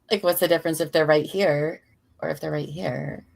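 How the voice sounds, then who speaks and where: A woman's voice: low voice, vocal fry, darkish tone. A tired woman co-hosting a casual trial watch chat, laughing often and poking fun at herself. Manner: chatty, laughs often, self-deprecating. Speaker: co-host of a trial watch show.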